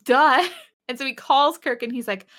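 A woman's voice: high voice, measured pace. A young woman co-hosting a podcast, retelling an episode casually with lots of laughing and swearing. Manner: giggly, swearing, animated retelling. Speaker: podcast co-host.

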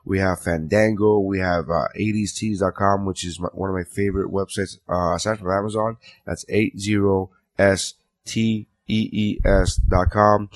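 A man's voice: sits low, steady tone, normal speed. A man hosting a podcast, reading sponsor plugs casually with lots of fillers. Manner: loose, filler-heavy, rambling plugs. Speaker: podcast host. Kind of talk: casual chat.

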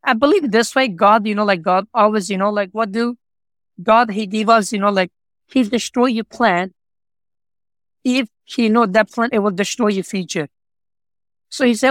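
A man's voice: high-pitched, normal speed, long pauses, a bit bright, no echo. A man guest telling his personal story in earnest, non-native English with broken grammar, filling his talk with "you know, like" and repeating himself. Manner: earnest, repetitive, heartfelt. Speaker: interview guest, pizza shop owner.

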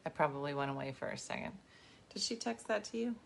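A middle-aged woman hosting a casual livestream chat, animated and talkative, thanking viewers between stories. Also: sits low, fast talker, gravelly, a little hiss or hum. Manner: animated and chatty, thanking viewers mid-sentence. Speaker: livestream host.

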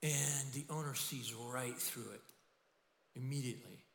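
Middle-aged male pastor, bright forceful delivery, animated sermon, echoey church hall. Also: medium pitch, measured pace, creaky. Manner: animated, acts out quoted voices.

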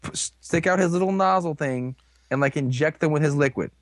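A man's voice: fairly high pitch, a little fast, no echo. A young man co-hosting a casual recap podcast, rambling and crude with a sarcastic edge. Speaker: podcast co-host.

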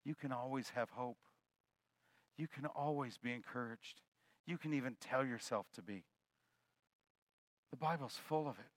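A male pastor preaching a sermon in a loose, conversational and joking way, swinging between loud and soft. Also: medium pitch, moderate pace, pauses often, no echo.

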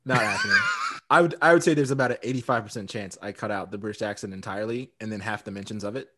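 A man's voice: fairly low pitch, fast, a bit bright. A man co-hosting a podcast in a casual chat, talkative and often laughing. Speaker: podcast co-host.

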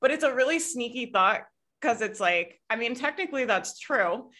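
A business coach with a Southern US accent talks to a group over a video call, her voice on the high side, animated, sharp-toned, and at normal speed. She's casual, laughs often, swears now and then, and quotes people in put-on voices.

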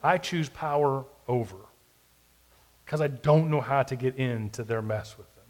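A male pastor preaching a sermon in a reflective way, moving between soft, quiet asides and emphatic declarations. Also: mid-range voice, measured pace. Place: church or podcast recording.

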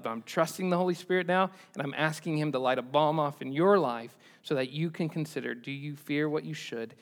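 A male pastor with a notably high voice delivers a sermon. He swings from loud, emphatic peaks down to hushed, low asides. He repeats his key lines to drive them home.

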